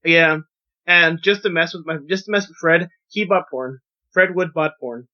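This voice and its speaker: A young man telling a rambling, profane, animated story on a podcast as its host. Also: fairly high pitch, moderate pace. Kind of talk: casual storytelling. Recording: dull lo-fi podcast audio.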